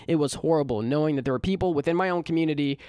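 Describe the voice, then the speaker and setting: Young male storyteller, slangy and animated, higher voice, dry close sound. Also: rapid-fire, clear, resonant tone, no room sound. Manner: animated, slangy, laughs at his own bad luck. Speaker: storytelling YouTuber. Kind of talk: casual storytime vlog.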